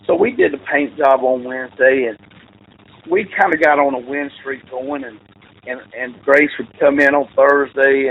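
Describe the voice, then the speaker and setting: Male coach guest, gravelly, lively storyteller, tinny remote line. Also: on the high side. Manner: rambling, animated storyteller who acts out quotes. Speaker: football coach. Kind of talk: casual storytelling interview. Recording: tinny phone-like line with faint noise.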